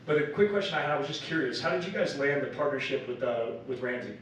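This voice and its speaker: A man's voice: medium pitch, steady tone, quick pace, fairly bright tone. A man in the audience giving friendly praise and asking a question, hesitant with fillers. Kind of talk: casual comment and question. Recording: echoey hall from far off, faint noise.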